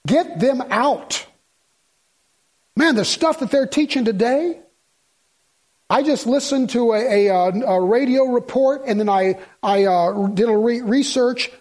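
A middle-aged man preaches with a husky, slightly breathy voice set high for a man. He speaks in a folksy, emphatic way, pressing his listeners with rhetorical questions. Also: a little slow, darkish tone. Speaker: pastor. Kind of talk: sermon.

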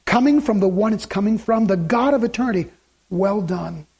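A man's voice: sits high, quick pace, darkish tone, husky. A male pastor preaching a sermon and reading scripture aloud, building to emphatic, repeated lines. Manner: preaching with rising emphatic repetition.

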